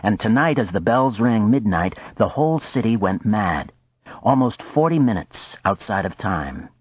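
Male audiobook narrator, low husky voice, steady deliberate reading, dull muffled audio. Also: no room sound. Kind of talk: scripted narration of a novel.

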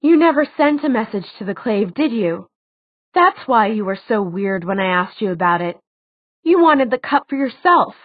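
A woman's voice: high-pitched, normal speed, hardly any pauses, breathy edge, dry recording, pitched above the performer's own voice. Woman voicing a fierce young heroine. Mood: urgent. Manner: urgent, loud outbursts. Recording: tinny phone-like dry sound.

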